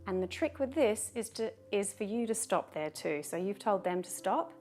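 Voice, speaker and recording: A woman talking to camera in a video, giving calm, measured advice and turning firm when she gives short commands. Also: medium pitch, soft background music. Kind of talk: direct-to-camera advice talk.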